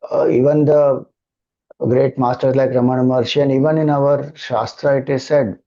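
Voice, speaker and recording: A man with an Indian English accent, a spiritual teacher giving a devotional talk and answering questions in a slow, measured, calm cadence. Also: mid-range voice, highs cut off.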